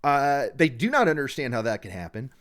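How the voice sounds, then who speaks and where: A man co-hosting a casual true-crime podcast chat, talking in an animated way and acting out the people he quotes. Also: medium pitch, brisk. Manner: animated, acts out quoted people in put-on voices. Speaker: podcast co-host.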